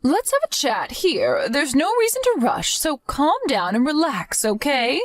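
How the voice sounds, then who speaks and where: Woman playing a stern grandmother, firm, scolding, high expressive voice, dry sound. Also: unhurried, no echo. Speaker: narrator and grandmother. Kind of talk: dramatized story narration.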